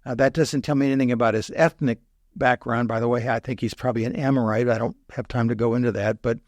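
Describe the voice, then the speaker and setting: An older male professor talking through ancient history in a loose, lecturing way, circling back to fix his wording and slipping in dry jokes. His voice sits in an ordinary middle pitch, recorded close and dry with no room sound. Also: fairly even intonation, fast talker, darkish tone, dry recording. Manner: digressive, self-correcting, wry asides. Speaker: history professor and podcast guest. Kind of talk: explanatory conversational lecture.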